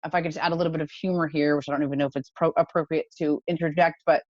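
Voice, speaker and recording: A woman's voice: low voice, racing, no echo, muffled recording. A woman being interviewed as a guest, telling a personal story with emotion and nervous laughs. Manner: emotional, animated retelling with laughs. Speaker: podcast guest, company founder.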